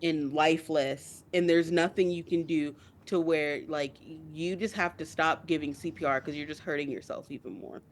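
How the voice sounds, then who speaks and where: A woman's voice: low voice, steady tone, moderate pace, hardly any pauses, a little hiss or hum. Young woman podcast co-host, teary, intense casual chat. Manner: emotional, builds to tearful outbursts. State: crying.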